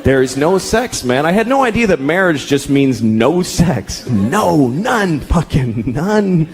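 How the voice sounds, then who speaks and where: A man performing stand-up comedy, acting out the people in his stories by shouting them in a high voice. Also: lively intonation, measured pace, a little hiss or hum. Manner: acts out shouting characters in high voice. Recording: live club with crowd. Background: audience laughter.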